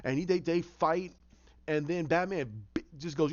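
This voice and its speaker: A man excitedly telling a movie idea as a casual story, acting out scenes with sound effects. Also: a little high, moderate pace. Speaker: fan pitching a film idea. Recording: muffled lo-fi recording.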